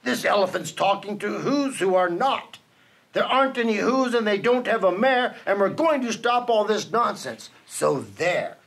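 A man voicing rowdy, scoffing male jungle monkeys in a storybook read-aloud, shouting mockingly. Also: high-pitched, animated, normal speed, heavily acted.

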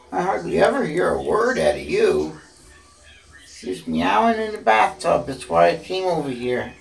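A man filming at home, cooing to his cats in high baby talk with chatty asides, recorded on a handheld phone. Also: very animated, unhurried, creaky. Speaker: cat owner filming his pets. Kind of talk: casual home video, talking to cats. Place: home bathroom, indoors.

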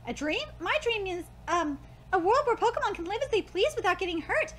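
A woman reading aloud the lines of a gentle, hopeful manga character in a soft, earnest voice. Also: very high voice, sing-song, a little fast, full character voice.

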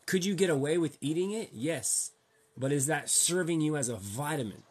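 A man's voice: a little high, expressive, normal speed, breathy edge. A young man ranting casually to his viewers, full of slang and rhetorical questions. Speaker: vlogger.

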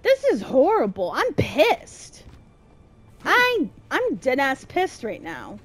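A woman streaming a game, her high voice swinging up and down as she grumbles and swears at the screen in casual slang. She drawls her words out, and faint game music runs behind her. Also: wildly swooping pitch, slow pace. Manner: exasperated, swearing, talking back to the game. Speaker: gameplay streamer. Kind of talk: live gameplay commentary.

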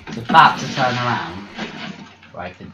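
A man giving live gameplay commentary, excitable and chatty as he reacts aloud to each kill. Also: medium pitch, normal speed, lo-fi sound. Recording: roomy with loud game music.

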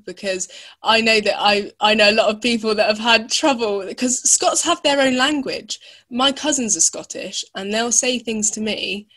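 A woman hosting a travel podcast, upbeat and quick to laugh and agree with her guest. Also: on the high side, a bit bright. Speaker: podcast host. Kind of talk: casual interview chat.

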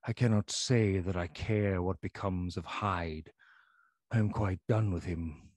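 A man's voice: sits low, steady tone, a little slow, darkish tone, no room sound. A man reading the part of a feverish, frightened middle-aged doctor who pleads in agitation. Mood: bitter.

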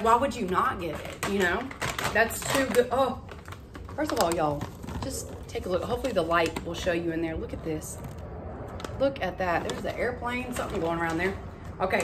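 A woman, chatting excitedly to her viewers in a casual haul vlog. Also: a little high, noisy background. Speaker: vlogger.

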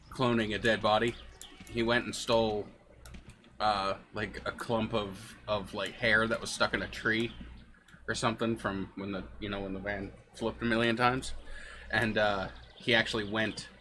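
A man's voice: lowish voice, bright, forceful tone, slight background noise. A man streaming a game, giving rambling, jokey commentary and often laughing at his own jokes. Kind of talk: casual gameplay commentary.

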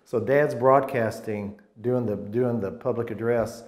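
A man in his sixties, a former college football player, reminiscing in a casual interview as a rambling, animated storyteller who often restarts his sentences. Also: medium pitch, unhurried. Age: 60s. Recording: roomy echo.

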